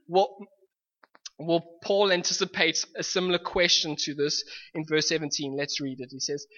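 A man's voice: on the high side, level tone, moderate pace, pushed and bright. A man preaching a sermon in an earnest way, restating his points and coaxing the congregation to answer back. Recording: lo-fi recording with long hall reverb.

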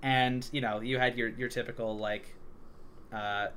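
A man's voice: medium pitch, level tone, a little slow, a bit bright. A young man co-hosting a podcast in casual chat, telling stories loosely with lots of filler words. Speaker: podcast co-host. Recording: faint background noise.

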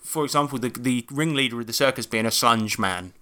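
Male podcast co-host, bright tone, loose swearing anecdote-teller with restarts and laughs. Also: mid-range voice, brisk. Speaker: podcast co-host and game master. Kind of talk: casual podcast chat.

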